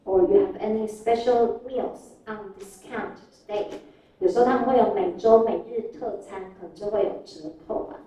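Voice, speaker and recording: A woman's voice: mid-range voice, dark tone. A woman with a Taiwanese Mandarin accent teaching English in a classroom lecture, explaining phrases and adding Mandarin glosses. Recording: very echoey classroom, from far off.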